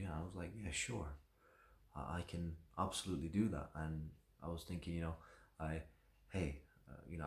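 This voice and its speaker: A man with a very low voice tells a personal story in a loose, reflective way, often doubling back on his words. The recording has a noticeable room echo. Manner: rambling, reflective, self-correcting. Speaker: vlogger. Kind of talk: casual storytelling to camera. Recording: echoey room.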